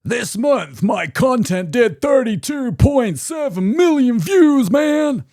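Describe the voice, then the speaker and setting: A man imitating a brash, boastful male online creator in an American accent, with loud bragging hype. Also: very high voice, big pitch swings, slow, pitched above the performer's own voice, exaggerated voice.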